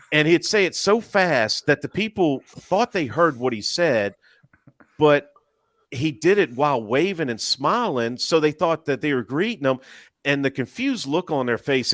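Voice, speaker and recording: A man's voice: mid-range voice, fairly bright tone, no echo. A man co-hosting a live panel chat, telling stories in a dry, rambling way and laughing between lines. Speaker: YouTuber and live panel co-host. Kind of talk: casual chat.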